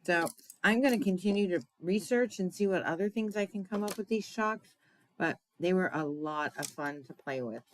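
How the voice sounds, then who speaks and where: A woman's voice: fairly low pitch, moderate pace, a little hiss or hum, poor audio. A woman hosting a card-making tutorial in a chatty way, often checking in with "right?" and laughing at her own slips. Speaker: crafting demonstrator.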